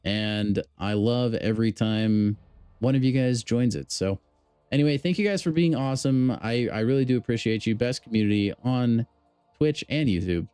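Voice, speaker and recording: A man's voice: mid-range voice, moderate pace, warm tone, clear, resonant tone, dry recording, soft background music. A man livestreaming a mobile game, chatting casually and upbeat to his viewers. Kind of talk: casual gameplay commentary.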